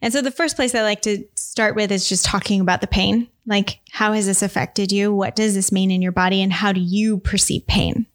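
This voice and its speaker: A woman physical therapist talks in an energetic, expressive way. Her pitch sits mid-range for a woman. Now and then she slips into her patients' voices. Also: brisk, hardly any pauses. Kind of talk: conversational interview answers.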